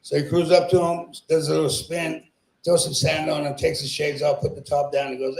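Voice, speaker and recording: A man's voice: a little high, little pitch movement, a little fast, creaky. A man doing crude, profane stand-up comedy, teasing the crowd and laughing at his own jokes. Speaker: stand-up comedian at an open mic. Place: small comedy club. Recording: echoey club room.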